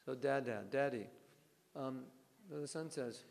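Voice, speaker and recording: A man giving a devotional scripture class, telling stories in an animated way and acting out bits of dialogue. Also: on the high side, unhurried, gravelly, big-room sound.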